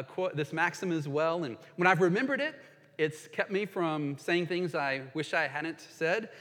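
A man's voice: high voice, a bit bright, in a large hall. A man preaching a sermon as a pastor, earnest and reading scripture aloud with emphasis.

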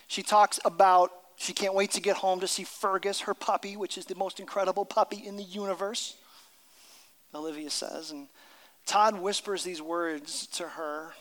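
A pastor preaching a sermon, telling a story and dropping to a hushed voice at tender moments. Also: male voice, sits high, steady tone, moderate pace, big-room sound.

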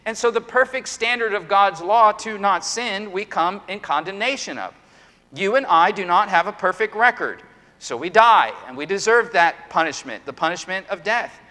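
Male pastor, sermon, high voice, emphatic rhetorical questions, long church reverb. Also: animated, moderate pace, bright, forceful tone.

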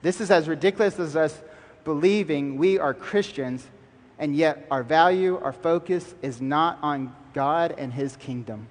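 A man's voice: a little high, measured pace. Emphatic preaching man in a reverberant hall. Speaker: pastor. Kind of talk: sermon.

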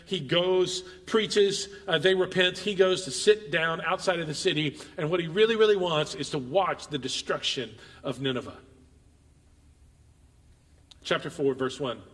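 A high-voiced man delivers a lively sermon, reading scripture aloud and leaping into its lines with emphatic, animated voices. His tone is bright and ringing. The sound carries the long reverb of a big hall. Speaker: preacher.

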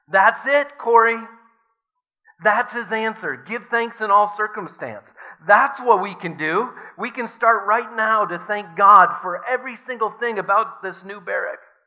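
Man doing an excited devout sister, high and eager. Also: measured pace, exaggerated voice. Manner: eager, urgent, joyful. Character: excited devout woman prisoner, elder sister.

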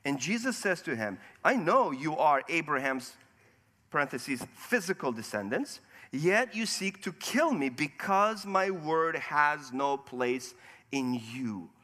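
A man's voice: fairly high pitch, very animated, slow pace, pushed and bright. A man preaching a sermon, walking through scripture verse by verse and asking rhetorical questions. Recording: long hall reverb.

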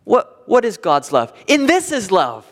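A man's voice: high-pitched, huge pitch swings, unhurried. Emphatic preaching man in reverberant hall. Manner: emphatic preaching with sharp swings between loud declarations and hushed passages. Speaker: pastor. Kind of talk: sermon.

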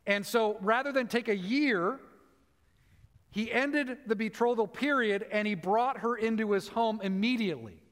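Guy preaching a sermon, kinda high voice, big hall echo, leans hard on key words. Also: a bit bright. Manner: teaching, emphatic with slow stressed phrases. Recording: long hall reverb.

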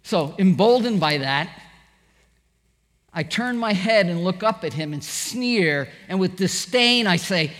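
A man's voice: high-pitched, animated, measured pace, a bit bright, big-room sound. A middle-aged man preaching a sermon, telling stories animatedly and acting out the quoted voices. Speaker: pastor.

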